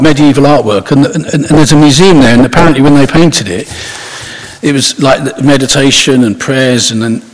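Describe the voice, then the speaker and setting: A man preaches in a loose, chatty way, circling back with restarts and asides. His voice is a little husky. It rings out with a long reverb, as if recorded in a large church. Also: medium pitch. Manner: conversational, rambling with many restarts and asides. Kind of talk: informal sermon.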